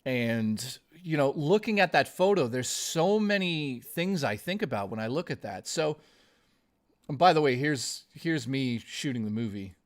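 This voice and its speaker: A man's voice: mid-range voice, expressive, measured pace. A man streaming live, chatting casually and ramblingly with viewers, swearing often and calling them dude and guys. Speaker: gaming streamer.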